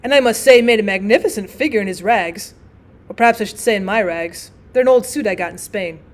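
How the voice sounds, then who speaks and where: A woman voicing a jovial young male painter who talks in a booming, emphatic way. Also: fast talker, natural voice.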